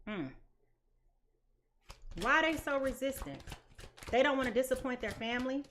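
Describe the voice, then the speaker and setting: A woman's voice: high-pitched, normal speed, fairly bright tone, a little hiss or hum. A woman giving a live tarot reading in a blunt, emphatic way, repeating her points. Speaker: tarot reader.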